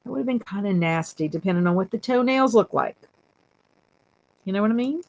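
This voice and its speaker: A woman's voice: medium pitch, lively intonation, a little fast, darkish tone. A woman hosting a casual livestream, giggling often as she reads viewer comments aloud and teases her chat. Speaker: booktube livestream host.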